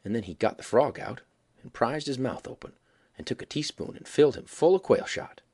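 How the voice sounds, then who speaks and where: A man reading a story aloud as a folksy, animated yarn-spinning narrator with a husky voice. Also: mid-range voice, a little fast. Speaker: audiobook reader.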